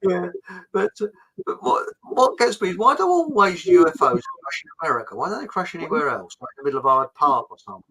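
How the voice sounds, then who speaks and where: A man's voice: fairly high pitch, very animated, fast talker, bright, forceful tone, rough recording. A middle-aged man hosting a casual live chat show, reading out viewer comments in a jokey, rambling way. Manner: jokey and rambling, with frequent fillers.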